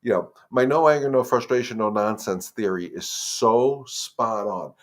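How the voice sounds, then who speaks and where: A man with a mid-range voice, speaking a little slowly, gives casual live-stream advice during a dog-training Q&A. He's conversational, calls the audience "guys," repeats words, and gets firm and emphatic over the rules.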